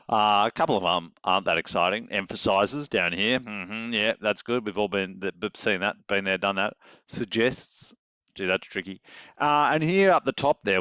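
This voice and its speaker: Australian male teacher, wry and joking, low smooth voice, dry close sound. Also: fairly bright tone, no echo. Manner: wry, joking, rhetorical asides. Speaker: English teacher. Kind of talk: classroom teaching. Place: classroom.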